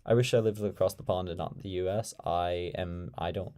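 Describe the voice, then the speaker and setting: A man's voice: deep voice, steady tone, normal speed, dark tone. A young man with an American accent, hosting a casual live stream and answering viewer comments with dry sarcasm. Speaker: live-stream debate host.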